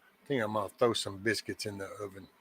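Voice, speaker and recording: A man's voice: fairly low pitch, fairly even intonation, fast, bright, forceful tone, slight background noise. A man hosting a casual morning chat show who talks in a folksy, meandering, joking way. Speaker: host of a daily live show.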